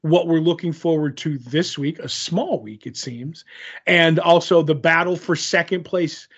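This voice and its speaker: A podcast co-host chats casually over a remote call, rambling with plenty of fillers and poking fun at himself. His voice is a little high, fairly bright, and slightly rough, with an unhurried pace and the highs cut off.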